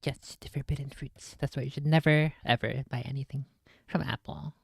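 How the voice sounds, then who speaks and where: A streamer commenting on a clip with wry, joking asides in a gravelly voice. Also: medium pitch, steady tone, moderate pace, no echo, clean studio sound.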